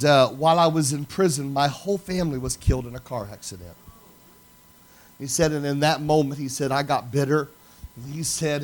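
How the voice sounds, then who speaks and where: A man preaching, telling a story animatedly and acting out the dialogue. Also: fairly high pitch. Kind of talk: sermon storytelling.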